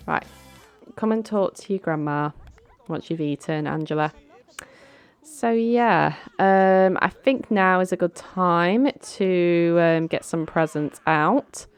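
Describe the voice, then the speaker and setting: Woman, young, low voice; chatty, bossy game commentary over soft music. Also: smooth. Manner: chatty, bossy with her characters, giggly. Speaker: let's play host. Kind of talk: casual gameplay commentary. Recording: faint background music.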